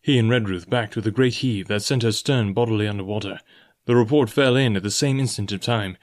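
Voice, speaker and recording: A man reading a story aloud in a measured, even voice. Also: lowish voice. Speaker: audiobook narrator. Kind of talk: scripted storybook narration.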